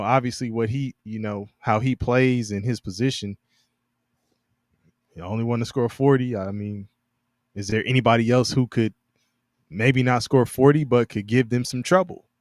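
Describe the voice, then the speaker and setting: A man co-hosting a casual sports podcast, talking in halting bursts with many restarts and frequent laughter. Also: medium pitch, dry recording, clean studio sound. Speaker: podcast co-host.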